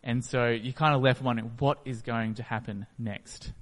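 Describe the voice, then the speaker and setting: A man's voice: mid-range voice, fairly even intonation, moderate pace. Man preaching in an echoey hall. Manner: storytelling, acts out the scene. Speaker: pastor. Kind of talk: sermon.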